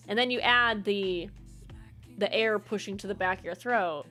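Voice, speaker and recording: A woman streams a video game, chatting casually, giggling as she plays and explaining the voices she gives her characters. Her voice is medium-pitched, bright and forceful at a normal speed, with soft music in the background.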